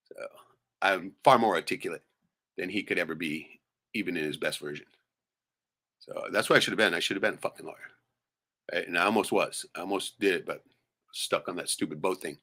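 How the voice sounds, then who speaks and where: A man's voice: low-pitched, pushed and bright, breathy edge. A middle-aged man ranting late at night on his live stream, profane and rambling, tagging nearly every point with "right?".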